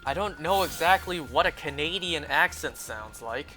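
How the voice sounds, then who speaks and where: A man's voice: on the high side, expressive, normal speed, sharp tone, faint music behind. A young man streaming live, rambling and musing aloud in casual chat.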